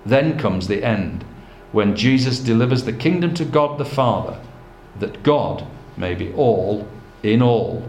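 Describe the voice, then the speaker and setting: A man preaching a sermon, earnest and measured, weaving in scripture quotations. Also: mid-range voice. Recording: echoey room with faint background noise.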